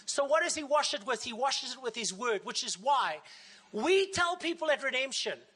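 A woman pastor preaching a sermon in a lively way, often acting out the voices of the people she quotes. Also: high voice, normal speed, slightly rough.

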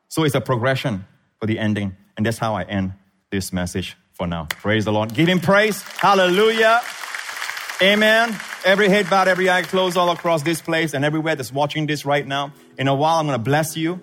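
A man preaching a sermon as pastor, emphatic, swinging between loud peaks and low asides. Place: church.

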